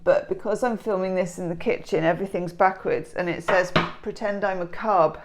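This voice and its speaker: A woman's voice: medium pitch, expressive, normal speed, slight background noise. A middle-aged woman, rambling and joking with herself through a daily tarot reading in her home kitchen. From England. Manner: rambling, self-mocking, giggly asides. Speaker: tarot reader.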